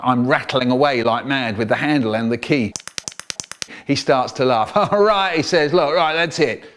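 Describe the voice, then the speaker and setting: An older British man telling comic childhood stories in an animated way, switching to high voices for the children and to a low drone for his brother. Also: slight background noise. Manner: low droning chant for the brother. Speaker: storyteller. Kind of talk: comic storytelling, remixed.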